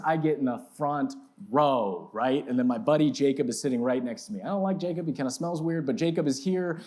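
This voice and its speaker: A man's voice: fairly high pitch, darkish tone. A man in his thirties preaching as a pastor, telling a self-mocking story with big swings in his voice. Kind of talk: storytelling sermon. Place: church sanctuary.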